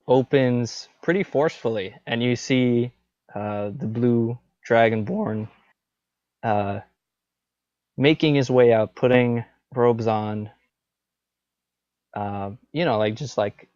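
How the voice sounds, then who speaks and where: A man's voice: mid-range voice, darkish tone, dry recording, muffled recording. A man narrating as a tabletop game master in a loose style, full of fillers like "um" and "like".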